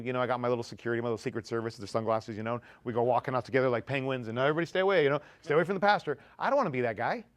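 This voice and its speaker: A male pastor preaching to teens in a church, his voice sitting a bit higher than most men's. He talks in a loose, joking way, punching some words loudly and dropping others to a near hush. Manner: conversational and joking, swings between loud emphasis and quiet asides. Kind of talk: youth sermon. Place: church sanctuary.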